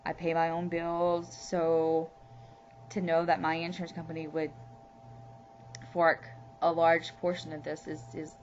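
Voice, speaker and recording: Woman from louisiana rambling in a video diary, lowish voice, muffled lo-fi sound with a faint hum. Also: completely flat delivery, a little slow, long pauses, darkish tone. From Louisiana, USA. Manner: candid, heartfelt, rambling with many "you know"s. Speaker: vlogger.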